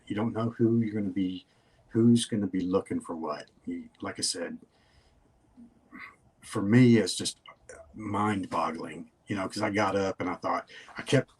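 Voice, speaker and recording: A man's voice: sits low, unhurried, a little mellow, breathy edge. An older man, a guest in a casual interview, telling stories in a folksy, rambling way.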